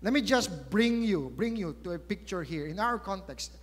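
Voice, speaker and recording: In a large church hall where long reverb follows every phrase, a Filipino preacher with a high-pitched voice gives a sermon. He tells the story emphatically and animatedly at a moderate pace, pausing to pose rhetorical questions to his listeners.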